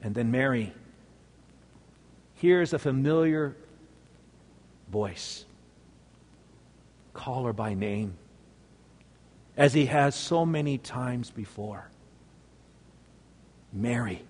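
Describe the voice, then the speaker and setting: A male preacher telling a story in a sermon, swinging between loud exclamations and hushed, near-whispered lines. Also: medium pitch, expressive, slow pace, long pauses, in a large hall.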